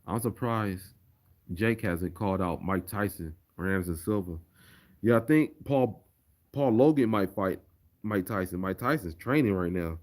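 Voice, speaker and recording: A man's voice: lowish voice, normal speed. A man chatting casually on a livestream and reading viewer comments aloud. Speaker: streamer.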